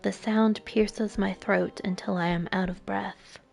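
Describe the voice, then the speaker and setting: A woman streamer reading a visual novel aloud, slow and emotive, with frequent soft, breathy asides. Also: medium pitch, fairly even intonation.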